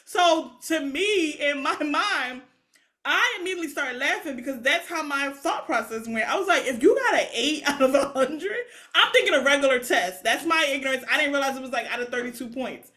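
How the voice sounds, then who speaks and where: A woman's voice: high-pitched, fairly quick. A young woman co-hosting a podcast, telling stories in casual chat and laughing often. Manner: animated storyteller, laughs often. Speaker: podcast co-host.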